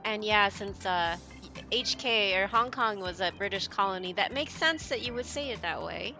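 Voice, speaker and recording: A woman's voice: mid-range voice, moderate pace, music in the background. A woman streamer chatting casually with viewers, rambling and giggling often as she mocks herself. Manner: giggly, rambling, self-mocking. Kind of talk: casual gaming stream chat.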